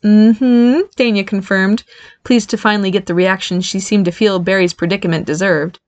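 A woman reading a story aloud as audiobook narrator in an even, storytelling manner. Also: medium pitch, a little fast, no room sound. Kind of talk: scripted narration.

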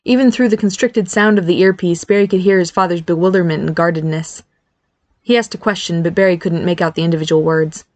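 A woman reading a story aloud as audiobook narrator in an even, storytelling manner. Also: on the low side, brisk, no echo. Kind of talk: scripted narration.

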